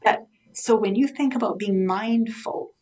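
A woman's voice: on the high side, measured pace, a little mellow, lo-fi sound. A woman guest in an interview, a vivid storyteller who acts out the dialogue as she explains dementia care.

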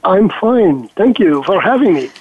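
Man, radio panel guest on a phone line, high voice, hesitant. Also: big pitch swings, unhurried, slightly rough, no echo. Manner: hesitant, repeats words while searching for them.

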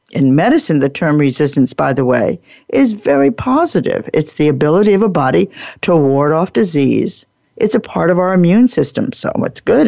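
A woman hosting a podcast, giving a deliberate, emphatic teaching talk and repeating her key phrases. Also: low-pitched, creaky, darkish tone, dry recording, highs cut off. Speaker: podcast host. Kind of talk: teaching talk on workplace improvement.

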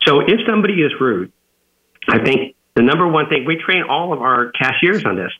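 A man's voice: fairly high pitch, sing-song, a little fast. A man who is an author and businessman, telling a story as an interview guest, with many fillers and restarts. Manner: rambling, frequent fillers and restarts. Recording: tinny phone-line audio.

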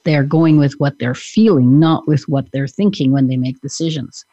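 A woman's voice: low-pitched, moderate pace, warm tone, no echo, dull audio. Earnest woman hypnotherapist, dry sound. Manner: earnest, speaks from client experience. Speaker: hypnotherapist and podcast host. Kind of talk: casual podcast chat.

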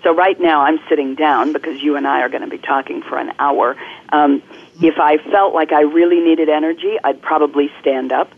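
A woman guest coach explaining things clearly and articulately in an interview, speaking over the phone. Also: sits low, fairly even intonation, fairly quick. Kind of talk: interview on a podcast. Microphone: telephone. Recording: phone-line call-in audio.

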